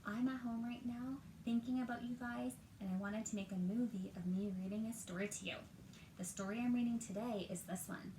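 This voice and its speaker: A woman's voice: fairly high pitch, echoey room, slight background noise, low-quality recording. A woman teacher reading a picture book aloud to young children at home, drawing out words and asking them questions. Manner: animated, drawn-out words, talks to children. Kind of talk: storytime read-aloud. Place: at home, roomy indoor space.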